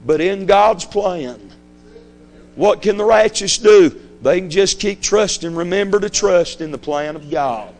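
A man's voice: sits high, moderate pace, hardly any pauses, a little mellow, faint music behind. A man preaching a fiery sermon, emphatic and repetitive, hammering his points home. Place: church sanctuary.

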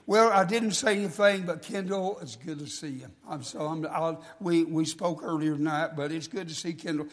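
Man preaching, high voice, folksy and congested, long church reverb. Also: normal speed, hardly any pauses. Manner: folksy, stumbles and restarts, rising emphasis. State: congested, coughing. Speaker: guest preacher. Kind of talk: sermon. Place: church sanctuary.

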